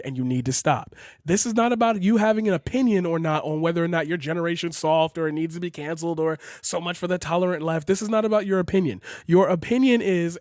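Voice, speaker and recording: A man's voice: sits high, darkish tone, no echo, studio quality. A man ranting heatedly in a political vlog, profane and emphatic, repeating his phrases for force. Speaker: channel host.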